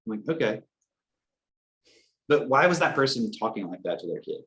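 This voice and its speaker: A young man on a casual podcast, telling animated stories, acting out quotes and swearing casually. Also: mid-range voice, moderate pace, slight background noise. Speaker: podcast co-host.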